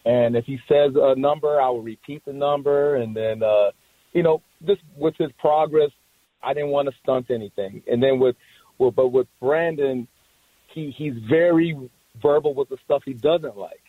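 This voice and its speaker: A man who works as a barber, talking casually and haltingly, with many restarts and short laughs. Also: mid-range voice, dry recording, phone-quality sound. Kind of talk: casual conversation.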